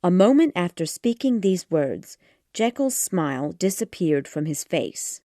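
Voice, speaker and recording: A woman narrating an audiobook of a classic gothic tale in a steady storytelling manner. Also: lowish voice, a little slow, no room sound, studio quality.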